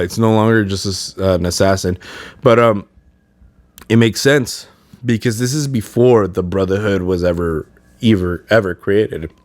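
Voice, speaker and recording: A man's voice: deep voice, no room sound. A man hosting a podcast in casual chat, rambling with many fillers and restarts. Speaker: podcast host.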